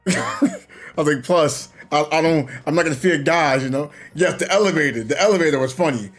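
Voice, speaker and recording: A man's voice: on the high side, huge pitch swings, moderate pace, faint music behind. A young man, chatting casually and animatedly about online gaming, laughing often and using slang. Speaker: gaming streamer. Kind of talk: casual chat.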